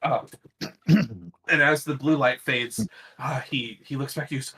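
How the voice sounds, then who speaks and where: A man's voice: mid-range voice, measured pace, pauses often, bright, forceful tone. A man narrating as game master of a tabletop game, hesitant with many fillers.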